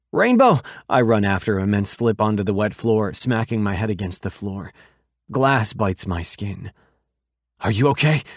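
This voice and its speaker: A man with a lowish voice narrates an audiobook in a steady, measured way. The recording is dry and close, with no room sound. He keeps an even storytelling pace. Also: dry recording.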